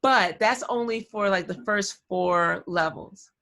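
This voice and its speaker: A woman's voice: medium pitch, slow pace, creaky. Chatty woman telling a story on a call. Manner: animated, chatty, easily sidetracked. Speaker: guest speaker. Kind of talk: storytelling talk to a class. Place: video call.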